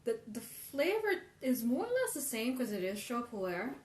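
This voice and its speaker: A woman with a fairly high, darkish-toned voice hosts a live tea tasting, sounding very animated at a moderate pace. She thinks aloud while comparing infusions and answering viewer questions, in roomy livestream audio with faint ambience.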